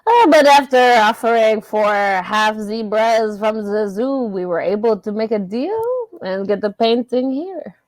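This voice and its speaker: A woman's voice: a little high, lively intonation, unhurried, few pauses, dry recording, low-quality recording. A woman voicing a flirty French male art gallery owner with a hammy put-on French accent. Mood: smooth flirting. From Montreal. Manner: hammy, playful.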